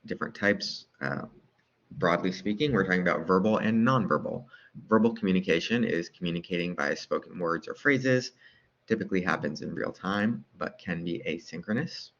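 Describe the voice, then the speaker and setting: A man with a very low voice and a fairly bright tone talks through lecture slides at a moderate pace, easygoing and informal. He keeps posing rhetorical questions and checking in with "right?", and the recording sounds dull and lo-fi.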